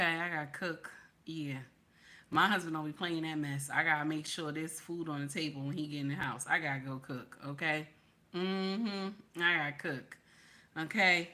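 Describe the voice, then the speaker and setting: A woman hosting a casual livestream chat, animated and playful, teasing her viewers and tossing in "okay?" again and again. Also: on the low side. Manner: keeps repeating "okay?". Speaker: livestream host.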